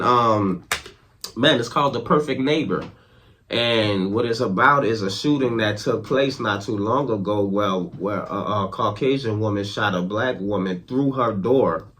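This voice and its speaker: A man's voice: fairly low pitch, a bit bright, slight background noise. A man hosting a podcast, talking loosely in casual commentary. He rambles and keeps checking in with the listener. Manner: loose and slangy, with constant check-ins to the listener; rambling, with restarts. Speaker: podcast host.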